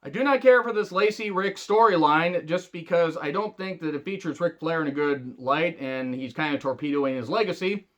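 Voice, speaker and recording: Sarcastic male reviewer, lively high-ish delivery, profane rant, muffled lo-fi mic. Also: moderate pace, hardly any pauses. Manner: angry, sarcastic, heavy swearing. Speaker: wrestling reviewer.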